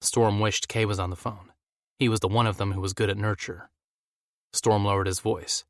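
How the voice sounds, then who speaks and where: Low-voiced man narrating an audiobook. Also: level tone, fairly quick, dry recording, studio quality. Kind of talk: scripted narration.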